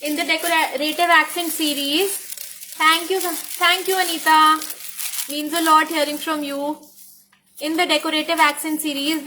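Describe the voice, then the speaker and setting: Bright, high-voiced Indian woman demonstrating crafts. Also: slight background noise. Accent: Indian English. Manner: enthusiastic, repeats "look at this", code-switches to Hindi. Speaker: craft die designer presenting new products. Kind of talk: product demonstration tutorial.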